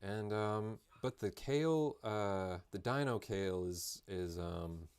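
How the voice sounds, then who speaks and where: A man's voice: lowish voice, slow pace, darkish tone, clear, resonant tone. A man chatting casually and rambling with jokes while painting live on a stream. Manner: rambling, joking, self-interrupting.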